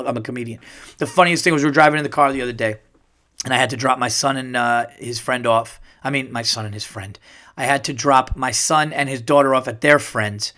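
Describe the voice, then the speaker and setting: A middle-aged man hosting his own podcast, chatting casually and swearing freely as he tells stories. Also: mid-range voice. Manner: profane, animated storyteller, swears freely. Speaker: podcast host; comedian. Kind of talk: casual solo podcast chat.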